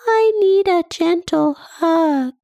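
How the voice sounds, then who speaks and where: A woman voicing a child's body as a talking figure that softly and politely pleads for care in a high voice. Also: slow pace, creaky, no echo, exaggerated voice. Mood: pleading. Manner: soft, high, pleading requests.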